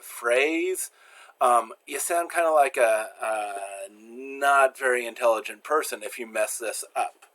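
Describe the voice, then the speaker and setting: Slow, patient man teaching. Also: mid-range voice. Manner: slow and patient, with frequent fillers and restarts. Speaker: language teacher. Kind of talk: explanatory pronunciation lesson.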